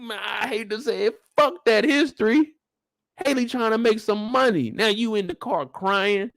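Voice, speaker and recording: A fairly high-voiced man from Kansas City hosts a live after-show, reacting to the episode in loose, profane commentary. He laughs easily and keeps building into loud, worked-up rants at the characters. The sound is dry and close, with no room echo. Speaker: show host.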